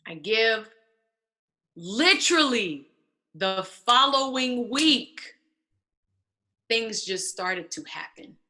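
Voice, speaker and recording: A woman's voice: a little high, lively intonation, very slow, long pauses, sharp tone. A woman in her thirties giving a candid personal testimony, telling her story with animation and acting out the voices of others. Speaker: interview guest.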